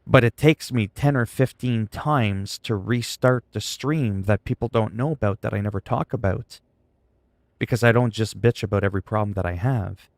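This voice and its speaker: Male streamer, low gravelly voice, dry close mic, frustrated ranting chat. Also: normal speed, no room sound. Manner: frustrated, venting, sarcastic. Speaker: livestreamer.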